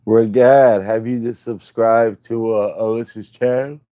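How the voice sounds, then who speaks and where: A man's voice: mid-range voice, steady tone, a little slow, dark tone, dry recording, lo-fi sound. A man hosting a casual livestream, teasing and joking with his viewers. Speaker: livestream host.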